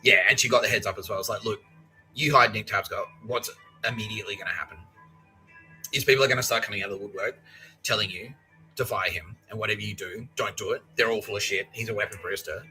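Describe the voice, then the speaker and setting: Talking fast in a low, pushed, bright voice, this thirty-something Australian man hosts a podcast and spins a long, wandering, foul-mouthed monologue. He voices the other characters' lines himself and laughs frequently, over soft background music on a low-quality recording.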